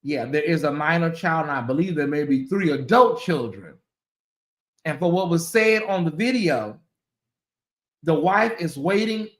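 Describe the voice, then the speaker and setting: A woman hosting a commentary channel, talking casually to her viewers, animated and repeating herself as she exclaims. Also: low voice, a little slow, reverberant.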